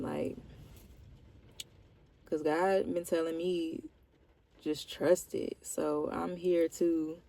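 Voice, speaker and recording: Slow, gravelly-voiced young woman vlogger. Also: sits low, mellow. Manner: slow, reflective and heartfelt, with casual slang. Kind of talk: candid personal check-in.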